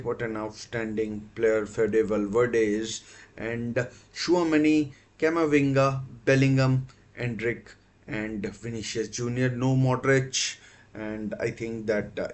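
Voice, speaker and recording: A man hosting a live football watchalong stream, talking casually with many fillers and self-corrections. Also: medium pitch.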